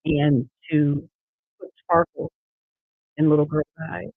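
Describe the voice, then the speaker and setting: Husky, gravelly grandmother, earnest on a tinny line. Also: deep voice, level tone, slow, dry recording. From Erie, Pennsylvania. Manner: earnest, repeats key phrases for emphasis. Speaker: judicial candidate guest. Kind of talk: earnest interview answers. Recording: tinny dry online call audio.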